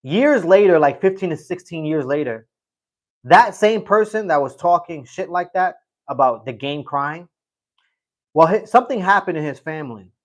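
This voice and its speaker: A man's voice: fairly high pitch, animated, normal speed. A middle-aged man hosting a casual livestream, reading chat and telling a rambling story, often repeating himself.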